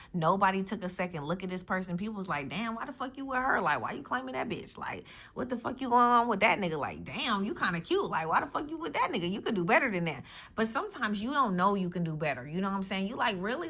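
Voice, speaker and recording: A woman's voice: lowish voice, a bit bright. A woman giving a casual tarot reading, talking bluntly in slang with plenty of profanity and frequent check-ins with her listeners. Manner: blunt, slangy and profane, with frequent "you know what I'm saying". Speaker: tarot reader.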